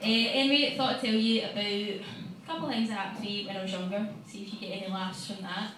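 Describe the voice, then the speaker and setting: Heard from afar in an echoey bar, a young Glaswegian comic delivers a brash, sweary, chatty stand-up set. She speaks quickly at a medium pitch with fairly level intonation and a slightly bright tone, over a faint hiss or hum.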